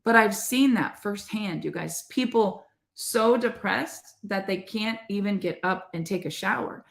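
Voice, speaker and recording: A middle-aged woman co-hosts a podcast, speaking in a medium-pitched, unhurried voice with vocal fry and a roomy sound. She gives an earnest, conversational motivational faith talk, addressing her listeners as "you guys."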